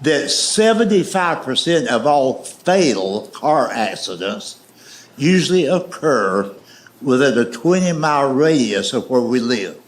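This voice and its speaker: A man telling folksy stories on a comedy stage in a drawling, deadpan way. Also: mid-range voice, measured pace. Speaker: stand-up comedian. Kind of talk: stand-up storytelling. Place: comedy stage before a live audience. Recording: echoey live venue.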